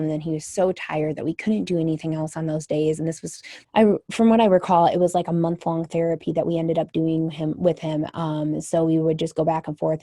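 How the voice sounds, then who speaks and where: A woman's voice: low voice, mellow, dry recording, studio quality. A young mother telling her own story candidly and emotionally, with many fillers and restarts. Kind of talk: candid personal storytelling to camera.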